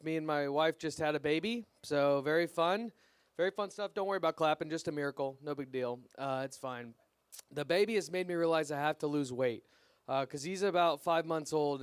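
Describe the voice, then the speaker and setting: A young man performing a stand-up comedy set at an open mic, deadpan and self-deprecating, his punchlines trailing off quietly. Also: on the high side, clean tone, no echo. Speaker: stand-up comic.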